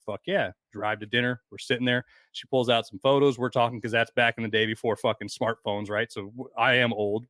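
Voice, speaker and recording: Fast-talking profane man telling stories. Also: mid-range voice, a bit bright, no room sound. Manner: profane, rambling anecdotes with quoted voices. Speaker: podcast guest. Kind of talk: casual podcast storytelling.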